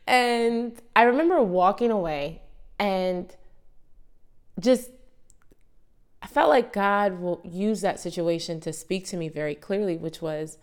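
A woman around thirty, a podcast host, tells a personal story in a chatty, animated way with asides to her listeners. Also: mid-range voice, slow, clean tone. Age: late 20s to early 30s.

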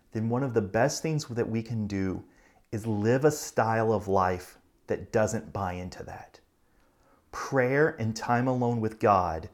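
A man preaching a sermon as a pastor, talking earnestly and conversationally, speeding up and slowing down for emphasis. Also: mid-range voice.

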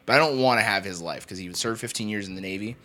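Low-voiced fast-talking young man. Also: bright, forceful tone. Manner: rambling storyteller, swears, laughs a lot. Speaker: podcast co-host. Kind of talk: casual chat.

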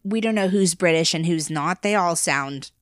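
Low-voiced American woman co-hosting, dry sound. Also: normal speed, fairly bright tone, no room sound. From United States. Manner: laughs often, restarts sentences, sighs. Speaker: podcast co-host. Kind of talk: casual chat.

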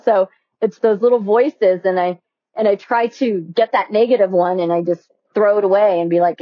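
A woman's voice: medium pitch, steady tone, fairly quick, no echo. A woman guest on a podcast, talking earnestly in a casual interview and acting out the voices in her head. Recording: dull, slightly lo-fi dry sound.

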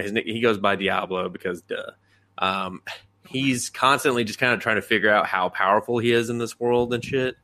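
A man's voice: fairly low pitch, pushed and bright, no room sound. A man hosting a podcast, recapping a show in rambling casual chat full of fillers and swearing. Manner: rambling, filler-heavy and profane. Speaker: podcast host.

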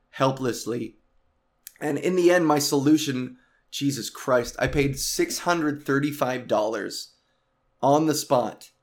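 A man hosting a podcast, ranting casually and profanely about an exasperating travel story, heavy with swearing. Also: medium pitch. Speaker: podcast host.

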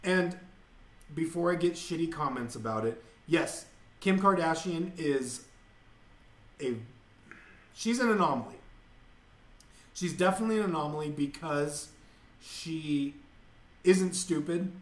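Podcast guy ranting and cussing at home, kinda high voice, roomy echo. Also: measured pace, pauses often. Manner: profane, exasperated ranting. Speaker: podcast host. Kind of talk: casual ranting monologue. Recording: echoey room.

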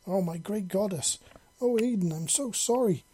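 A reader voicing a panicky alien huntress woman who exclaims in high, alarmed bursts. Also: moderate pace, dark tone, slight background noise, lightly acted. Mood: panicked.

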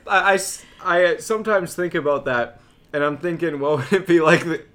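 A man's voice: on the high side, moderate pace. A young man co-hosting a casual podcast chat, telling stories with acted-out voices and frequent laughter. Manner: animated storyteller, acts out voices and laughs often. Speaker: podcast co-host.

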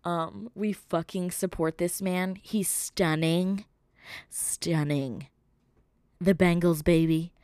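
A woman's voice: lowish voice, steady tone, takes it slowly, darkish tone, clean tone, no echo, studio quality. A young woman hosting a solo gossip podcast, rambling and sarcastic with constant swearing. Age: young adult. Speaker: podcast host.

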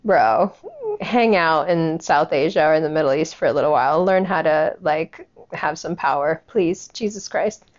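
A woman's voice: low-pitched, moderate pace. Woman, casual rant, blunt and sarcastic, swears a lot, slightly dull lo-fi audio.

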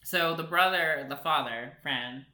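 A man retelling a film plot in casual chat, animated and laughing, acting out characters' lines. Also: fairly high pitch, a little slow. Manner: animated storyteller, laughs often, mimics characters. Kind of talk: casual movie recap chat. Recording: echoey room.

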